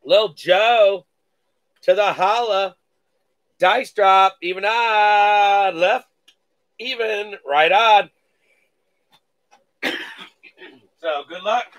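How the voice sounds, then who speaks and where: A man's voice: high-pitched, extremely slow, pauses often, a bit bright. A man hosting a live card-breaking stream, reading out pulls with hype catchphrases and playful mock-cursing.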